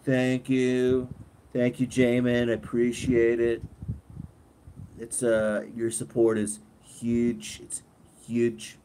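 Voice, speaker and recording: A man hosting a casual live stream, relaxed, reading viewer comments aloud and laughing often. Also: medium pitch, slow pace, low-quality recording. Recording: clear background noise.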